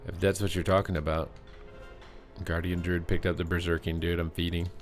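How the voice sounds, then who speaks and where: A young man streams a game live, keeping up a running stream of joking commentary. His voice sits on the low side. He teases his opponents with playful trash talk. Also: little pitch movement, fairly quick, soft background music.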